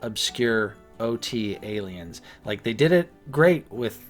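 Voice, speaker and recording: A man's voice: fairly low pitch, expressive, takes it slowly, soft background music. A man co-hosting a casual collector podcast, speaking in an easygoing, rambling way. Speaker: podcast co-host. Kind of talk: casual chat.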